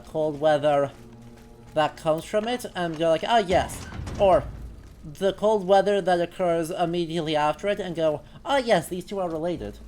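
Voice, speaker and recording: A man's voice: on the high side, clear, resonant tone. A man casually commenting on a video game during a live stream, musing aloud, correcting himself and talking to his chat. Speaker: history streamer.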